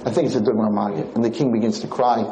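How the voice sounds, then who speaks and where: A man lecturing on Torah, telling a parable in an animated, repetitive storytelling manner. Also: fairly low pitch, fast, reverberant, slight background noise, poor audio. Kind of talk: sermon storytelling.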